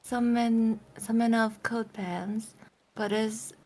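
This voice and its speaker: A woman streaming a game, reading its dialogue aloud in a hushed half-whisper between casual remarks. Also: fairly high pitch, steady tone, takes it slowly, soft background music.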